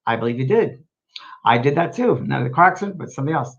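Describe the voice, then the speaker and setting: A man hosting a live show as a medium, answering viewer questions in a gentle, rambling, reassuring way. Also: medium pitch, animated, fast talker, dull audio. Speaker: host and medium.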